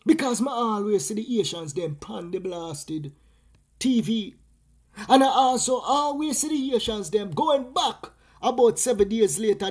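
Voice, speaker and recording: Jamaican guy doing a casual livestream, animated, patois mixed in, keeps saying my people. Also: high voice. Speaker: vlog host. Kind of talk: casual live stream chat.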